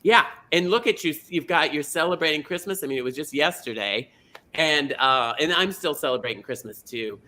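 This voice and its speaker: A man's voice: on the high side, expressive, normal speed, bright, forceful tone. A man playing a chatty middle-aged small-town lady who hosts a comedy bingo show, gushing and rambling, tripping over names, on a video call. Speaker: host. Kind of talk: comedic drag character hosting.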